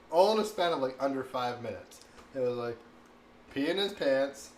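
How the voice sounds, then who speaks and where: A man in his thirties tells stories and chats casually while cooking at home, rambling and breaking into laughter. He speaks at a middling pitch, and his voice bounces around an echoey room. A faint hum sits behind him. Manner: rambling, animated, laughs often, says "like" a lot. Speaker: cooking streamer. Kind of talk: casual chat and storytelling.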